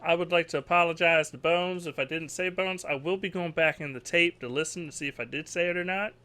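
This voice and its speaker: A man's voice: fairly high pitch, a little fast, bright, forceful tone, clean tone. A man hosting a gaming podcast in casual chat, loose and joking, often laughing. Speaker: podcast host.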